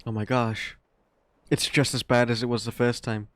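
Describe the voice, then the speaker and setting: A man giving casual, rambling gameplay commentary as a let's play host, quick to marvel at what he sees. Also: medium pitch, level tone, dry recording. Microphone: desk microphone. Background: faint game music.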